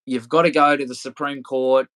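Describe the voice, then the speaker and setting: A man in his thirties, talking as a podcast guest at a mid pitch. His stories ramble and restart, laced with swearing and easy laughter. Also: little pitch movement, normal speed, a bit bright. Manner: loose, rambling, swears freely, laughs often. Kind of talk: casual storytelling interview.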